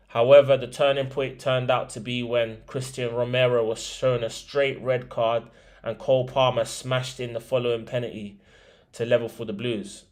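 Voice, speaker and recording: A young man hosting a football podcast, chatting casually about results and predictions with slang and filler words. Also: mid-range voice.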